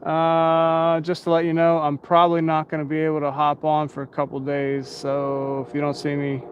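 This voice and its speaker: A man's voice: fairly high pitch, completely flat delivery, moderate pace, narrow, tinny audio, a little hiss or hum. Tired, rambling man chatting on a live stream. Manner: rambling, chatty, reads out viewer names. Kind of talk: casual live stream chat. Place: outdoors at night.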